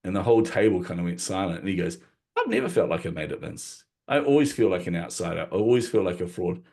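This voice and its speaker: A middle-aged man with a deep, low-pitched voice tells a story from his past as a podcast guest. He acts out what people said with lively shifts and often laughs at himself. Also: quick pace, vocal fry. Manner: animated, acts out quotes, self-deprecating laughs. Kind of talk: storytelling in conversation.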